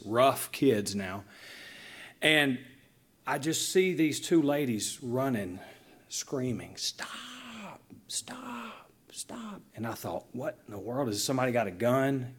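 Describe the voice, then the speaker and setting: Husky-voiced male pastor preaching. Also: medium pitch. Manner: animated storytelling with emphatic dynamic shifts. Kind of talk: sermon.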